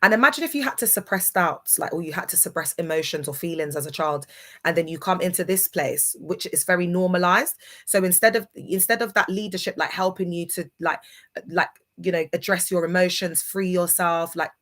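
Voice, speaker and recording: A woman's voice: lowish voice, a little fast, a bit bright. A woman talks to her live viewers in a casual, emphatic, preachy way, often checking that they understand, while grieving. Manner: emphatic, preachy, keeps asking if listeners understand. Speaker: livestreamer. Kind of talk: casual livestream monologue.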